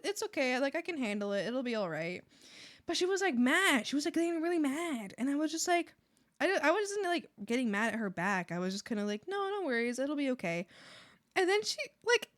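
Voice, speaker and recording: A young woman art streamer chatting casually while she draws, telling stories in an animated, giggly way full of fillers. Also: high-pitched. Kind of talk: casual chat while drawing. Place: home room.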